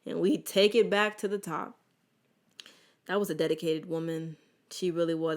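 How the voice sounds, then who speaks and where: A young adult woman hosting a casual solo podcast, telling animated stories with lots of restarts. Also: fairly low pitch, normal speed, pauses often. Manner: animated, chatty storytelling with many restarts. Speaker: podcast host.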